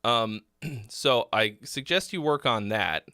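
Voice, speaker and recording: A man hosting a live song-feedback stream, speaking bluntly with many fillers and frequent throat clearing. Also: mid-range voice, lively intonation, takes it slowly, pushed and bright, no room sound, studio quality. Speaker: host giving song feedback. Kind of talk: casual live critique.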